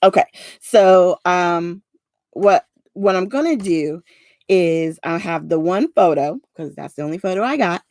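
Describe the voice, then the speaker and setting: Her voice is fairly low and darkish in tone, with lively intonation and a measured pace, recorded without echo. She's a South Jersey woman in her forties with a Southern-tinged New Jersey accent, hosting a casual craft livestream where she chats with viewers while crafting and rambles, filling her talk with fillers.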